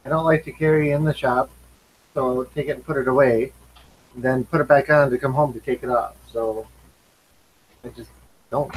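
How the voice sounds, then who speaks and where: A man chatting casually on a live video call, his voice sitting at an ordinary middle pitch. He talks in a relaxed way and lets his sentences trail off. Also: moderate pace, pauses often, a little hiss or hum, poor audio. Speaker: live stream participant reading chat. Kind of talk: casual group chat.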